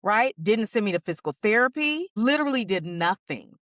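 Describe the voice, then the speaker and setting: A woman's voice: medium pitch, very animated, a little fast, a bit bright, dry recording, clean studio sound. A woman co-hosting a podcast, talking casually and with passion, often checking in with "right?". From United States. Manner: passionate, emphatic, frequent tag questions. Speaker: podcast co-host.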